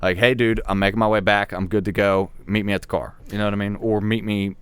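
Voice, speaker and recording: A man telling a hunting story in casual podcast chat, swearing freely and getting animated as he talks. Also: on the low side, fast talker, smooth, no echo. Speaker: podcast co-host.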